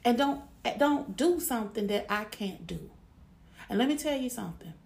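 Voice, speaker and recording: A woman speaks bluntly and emphatically, giving relationship advice straight to the listener. Her voice sits a little high with a gravelly edge. She circles back and repeats her points as she talks. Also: lively intonation, normal speed, darkish tone. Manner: frank, emphatic, repeats herself. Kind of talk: blunt monologue to women.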